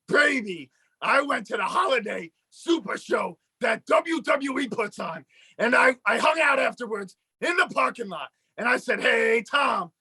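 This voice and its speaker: A wildly high-pitched puppet fellow, all rasp and gravel as he hollers in a bright, cutting tone. He's a scrappy little hustler who yelps exclamations through a comedy podcast. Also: full character voice. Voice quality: raspy, high and shouty. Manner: yelling excited exclamations. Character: loud excitable male puppet, scrappy hustler.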